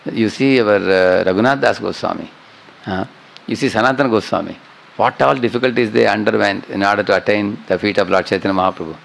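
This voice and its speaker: Middle-aged man, lecturer; low, creaky, conversational teaching that keeps checking in with listeners. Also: fast talker, poor audio. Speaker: spiritual teacher. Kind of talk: scripture class lecture.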